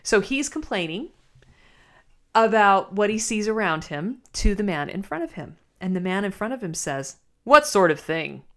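Woman podcast host, reflective talk, halting delivery. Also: mid-range voice, animated. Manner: thoughtful, halting, many restarts. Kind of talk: reflective spoken commentary.

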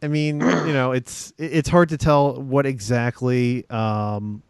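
A man's voice: mid-range voice, fairly even intonation, takes it slowly, vocal fry, smooth, no echo, clean studio sound. A man co-hosting a podcast in casual chat, hesitant, with many ums and restarts. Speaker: podcast co-host.

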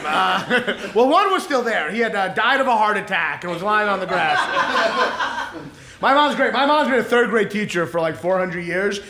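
A man in his thirties from Kentucky doing a deadpan, self-mocking stand-up set and chatting with the crowd. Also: high voice. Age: 30s. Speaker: stand-up comedian. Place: comedy club stage. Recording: echoey club, audience laughter.

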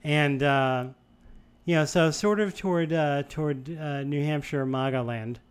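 A smooth, clear-toned young man from the Boston area tells a long anecdote in casual conversation. His voice sits a little high for a man. He rambles, circles back and restarts his sentences as he goes. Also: unhurried. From Boston area, USA. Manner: rambling, animated storytelling with many restarts. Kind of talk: casual chat.

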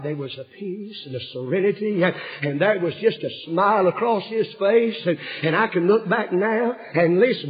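A man preaching a revival sermon, telling stories with passion and swinging from hushed tones to shouting. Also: high voice, lively intonation, a little fast, few pauses. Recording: dull lo-fi sermon recording.

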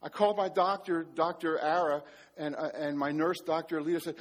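A man preaching a sermon as pastor to a live congregation, telling stories in an animated, self-mocking way and joking with the audience. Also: a little high, fast talker. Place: church before a live audience.

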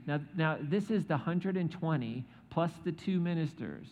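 A pastor's sermon retells a scripture story full of joking asides and acted-out quotes, recorded in an echoey hall with dull sound. His voice is a little high and darkish, with lively intonation at normal speed.

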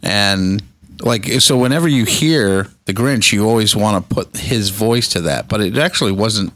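A man with a low voice hosts a podcast in a casual chat. He talks haltingly, stopping and restarting his sentences often. The sound is very dry and close, with no room around it. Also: fairly bright tone, no echo. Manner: halting, many restarts and fillers. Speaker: podcast host.

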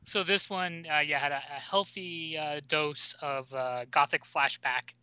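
A man co-hosts a relaxed comics podcast, talking loosely with plenty of fillers and laughs. His voice sits a little high and sounds very bright. The sound is close and dry. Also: a little slow, clear, resonant tone, dry recording. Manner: chatty, laughs often, many fillers. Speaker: podcast co-host. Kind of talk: casual chat about comics.

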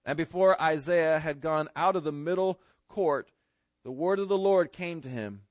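A man's voice: fairly high pitch, normal speed, no echo. A man, preaching a sermon in a folksy, conversational way full of homespun comparisons. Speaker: pastor.

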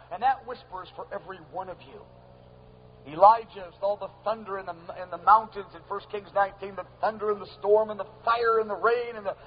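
A man preaching a sermon at a gathering, emphatic and repetitive, swinging from loud to soft. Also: high voice. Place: gathering hall with sound system. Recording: dull lo-fi with faint hum.

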